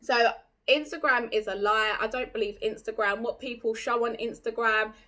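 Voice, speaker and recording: A woman's voice: on the high side, steady tone, normal speed, bright, forceful tone. A young woman vlogging in a blunt, chatty, opinionated way, full of "like". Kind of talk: casual chat to camera.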